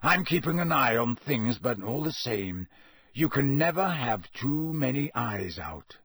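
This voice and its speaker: A man voicing a gruff, grizzled old male wizard in an audiobook, slow and growling with a husky voice. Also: mid-range voice, big pitch swings, fairly bright tone, no room sound, heavily acted. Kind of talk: audiobook character voice.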